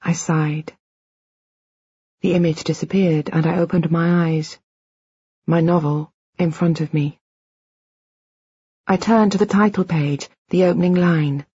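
A woman reading a first-person audiobook in a measured, reflective, quietly intimate way. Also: lowish voice, fairly even intonation, slightly rough, no room sound, dull audio. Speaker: audiobook narrator.

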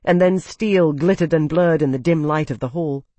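An audiobook narrator reading a fantasy novel in a steady, expressive, dramatic way. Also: medium pitch, normal speed, no room sound.

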